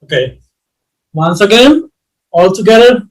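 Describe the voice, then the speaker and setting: A man teaching an English lesson, reading drill sentences slowly and reassuring his students with many restarts. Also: high-pitched, lively intonation, rough recording. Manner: reassuring, repeats himself with restarts.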